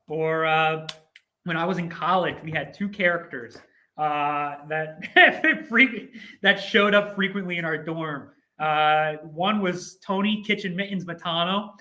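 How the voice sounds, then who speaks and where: A man's voice: a little high, a little slow, sharp tone. A young man co-hosting a casual livestream chat from an office studio. He talks goofy, playful and hyped-up into a laptop mic. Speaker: co-host.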